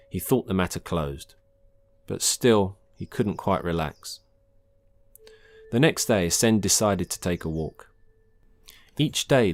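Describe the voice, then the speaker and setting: A man reading his own short science-fiction story aloud in a calm, measured narration. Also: low voice. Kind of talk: scripted narration.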